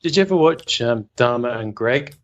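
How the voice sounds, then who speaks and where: A man's voice: medium pitch, expressive, moderate pace, muffled recording. A man with a mid-range voice, recounting a story in a loose, rambling way. He stops and restarts often and fills the gaps with "um" and "uh.". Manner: rambling storyteller, hesitant fillers, chuckles. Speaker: writing podcast co-host. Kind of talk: casual anecdote.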